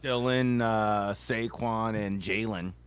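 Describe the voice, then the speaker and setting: A man co-hosting a podcast, chatting casually about football and films, playful and quick to laugh. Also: fairly low pitch, smooth. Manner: lively, playful, quick to quote lines and laugh. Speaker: podcast co-host. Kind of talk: casual sports chat.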